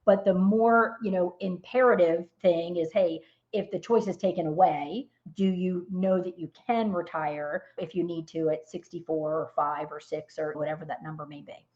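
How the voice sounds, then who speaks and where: A woman's voice: on the low side, steady tone, normal speed, few pauses, a little mellow, muffled recording. A middle-aged woman, a financial planner, telling client stories earnestly as a podcast guest. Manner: earnest storytelling. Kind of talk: podcast interview.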